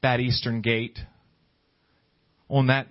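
A man's voice: medium pitch, level tone, slow, lo-fi sound. A man preaching a sermon, often restarting his words and building in fervor. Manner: repetitive restarts, rising fervor.

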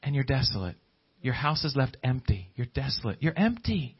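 A man's voice: medium pitch, very animated, normal speed, husky, highs cut off. A man preaching a sermon, often restarting his words and building in fervor. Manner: repetitive restarts, rising fervor.

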